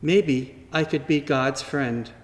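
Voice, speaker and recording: A man slowly and gently reading a children's story aloud at church, in a wondering tone with pauses. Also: medium pitch. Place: church sanctuary. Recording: long reverb from a large hall.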